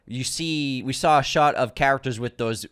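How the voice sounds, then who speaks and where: A man with a Boston accent co-hosting a movie news podcast, talking casually and excitedly, explaining at length and tripping over names. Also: medium pitch, moderate pace, clear, resonant tone. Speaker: podcast co-host.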